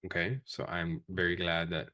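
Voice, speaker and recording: A man with a very low voice runs a live trading class. He talks quickly and casually, dropping profanity as he explains each step to his students. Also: pushed and bright. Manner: fast, profane, casual coaching talk. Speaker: trading instructor. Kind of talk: live-streamed trading lesson.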